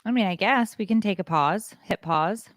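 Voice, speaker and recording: A woman co-hosting a podcast, telling a story in a frank, animated, self-deprecating way. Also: mid-range voice, normal speed, no room sound, studio quality. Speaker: podcast co-host. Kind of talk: casual chat.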